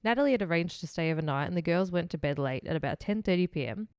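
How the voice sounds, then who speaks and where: Young woman podcast host, kinda low voice, super dry close mic, laughs a lot. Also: lively intonation, fast talker, a little mellow, no room sound. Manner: chatty, laughs often, swears casually. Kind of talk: casual true-crime podcast chat.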